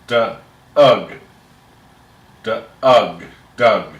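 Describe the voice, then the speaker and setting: A young schoolboy, played by a middle-aged man, sounds out letters one at a time and gives only short, halting replies. He speaks very slowly at a middle pitch. The recording is roomy and picked up from a distance. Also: wildly swooping pitch, full character voice. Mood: slow, hesitant. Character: young energetic boy learning to read. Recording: echoey room, distant mic.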